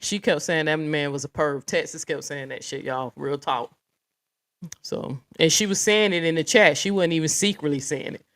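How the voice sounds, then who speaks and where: A woman's voice: sits low, moderate pace, a bit bright. A woman hosting a livestream, talking bluntly and profanely straight to her viewers and reading out chat comments. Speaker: livestream host.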